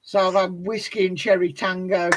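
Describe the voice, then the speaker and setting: A woman's voice: on the low side, little pitch movement, moderate pace, background noise. Chatty woman hosting a video call. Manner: chatty, self-mocking, warm to guests. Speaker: host of a live online chat show. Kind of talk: casual chat.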